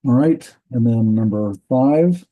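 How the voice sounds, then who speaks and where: A man teaching a casual Bible language class, reading verses word by word with many halting fillers and restarts. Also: medium pitch, animated. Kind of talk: casual Hebrew grammar lesson. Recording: dull lo-fi recording.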